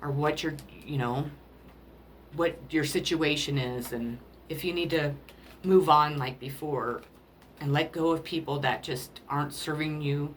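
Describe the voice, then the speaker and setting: A woman doing a spiritual card reading, emotional and rambling, often pausing to apologize as she talks to the listener about love. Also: deep voice, slight background noise. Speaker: tarot card reader.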